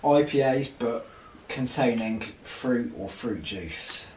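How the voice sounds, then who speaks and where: A man's voice: mid-range voice, slow pace, a little mellow. A man co-hosting a casual beer-tasting podcast, explaining the beers with dry, wry humour. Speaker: podcast co-host. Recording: roomy, distant mic, faint noise.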